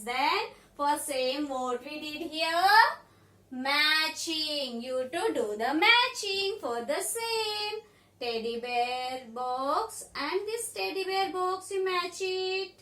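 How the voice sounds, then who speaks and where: Woman, Indian English accent, kindergarten teacher; very slow, high, sing-song questions; echoey room. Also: a bit bright. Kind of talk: online lesson for young children.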